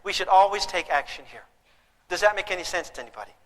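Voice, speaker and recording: A man gives a comic parenting lecture, talking animatedly and breaking into shouted sound effects. His voice is very high and bright. The sound has the long reverb of a large hall. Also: animated, quick pace. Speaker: parenting speaker. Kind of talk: humorous lecture to an audience.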